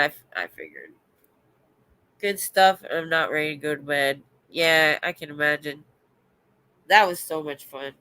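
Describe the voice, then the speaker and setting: A woman with a stuffy nose, hosting a casual late-night livestream, chatting loudly, laughing often and reading out comments. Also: low voice. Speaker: livestream host. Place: home.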